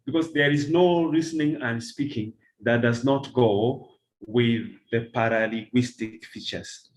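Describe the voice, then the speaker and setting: Middle-aged male teacher trainer lecturing from slides; slow, measured, repeats key lines. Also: mid-range voice, a little hiss or hum, rough recording. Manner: slow, deliberate, repeats key phrases for emphasis.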